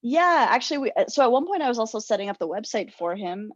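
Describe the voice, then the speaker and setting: A woman's voice: fairly high pitch, very animated, fast talker, a crowd in the background. A young adult woman co-hosting a podcast, chatting casually and telling stories animatedly, laughing often. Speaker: podcast co-host. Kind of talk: casual chat. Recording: dull lo-fi sound, dry.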